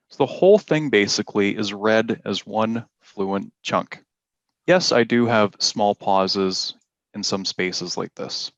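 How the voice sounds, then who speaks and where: A man leads a classroom lesson with a slow, deliberate delivery, leaning on the important words. His voice sits on the low side. The recording is dry and a little dull. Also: fairly bright tone, dry recording. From Canada. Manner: slow, deliberate explaining with emphasis on key words. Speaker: IELTS teacher.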